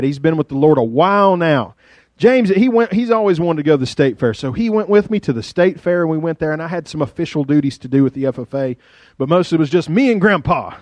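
A middle-aged man with a rural southwest Virginia accent, preaching a folksy, joking sermon that swings between loud and hushed. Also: on the high side, no room sound. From Virginia, USA. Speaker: pastor.

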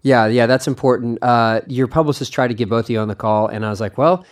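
A man's voice: medium pitch, steady tone, fast talker. Young man, podcast host, casual chat, eager, rambling, self-correcting.

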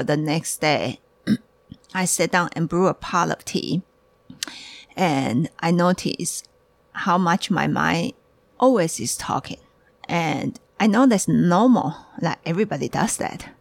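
A woman's voice: on the low side, creaky, no room sound. A woman hosting a casual podcast, talking in a hurry and restarting her sentences as she gets ahead of herself. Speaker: podcast host and tea shop owner.

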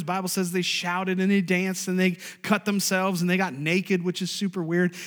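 A man preaching a sermon as a pastor, animated, with sudden loud, high bursts. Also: long reverb tail. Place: church sanctuary.

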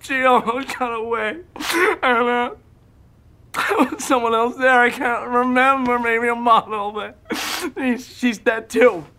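A man's voice: extremely high pitch, slow pace, sharp tone, exaggerated voice. An actor playing an unraveling young male killer confessing over the phone, rambling with nervous laughs and hesitations. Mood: manic confession. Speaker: film character.

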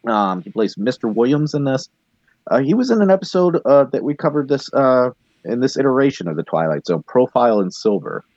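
A man's voice: mid-range voice, sing-song, a little fast, a little mellow, no room sound, lo-fi sound. A man co-hosting a casual film podcast, laid-back, going through cast lists with lots of fillers. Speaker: podcast co-host. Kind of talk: casual chat about films.

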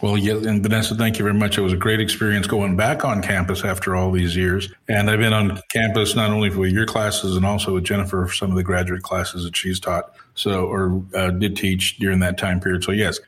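A man's voice: low-pitched, flat delivery, a little fast, few pauses, fairly bright tone. A man hosting an interview, chatty and joking with his guests. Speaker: interview host. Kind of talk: podcast interview.

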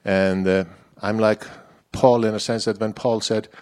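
A man's voice: on the low side, steady tone, unhurried, a little mellow, smooth. A man preaching a sermon in a church, in a conversational, personal way that turns the message back on himself.

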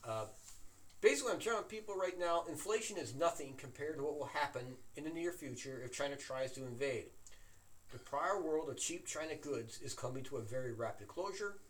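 A man in casual chat, excitedly telling an anecdote with plenty of swearing. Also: on the high side, a little fast. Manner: animated, excitable storyteller who swears.

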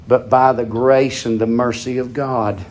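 A man preaching a sermon with fervor, asking his listeners question after question and swinging from loud, high peaks down to low, quiet asides. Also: little pitch movement, a little slow. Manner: fervent, rises to high shouting peaks then drops low; asks the congregation rhetorical questions.

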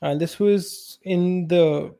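A man's voice: high-pitched, takes it slowly, creaky, mellow. A man, co-hosting a podcast in casual chat and giving blunt, opinionated takes. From India. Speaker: podcast co-host.

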